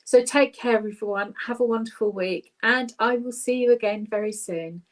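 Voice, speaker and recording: A middle-aged British woman with a cheerful, chatty manner, leading an online laughter yoga class and filling pauses with ums. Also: on the high side, rough recording.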